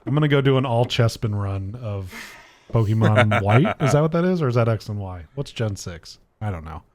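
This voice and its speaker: A man's voice: on the low side, lively intonation, fairly quick. A man co-hosting a casual gaming podcast, laid-back and hesitant, with many ums and restarts. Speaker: podcast co-host.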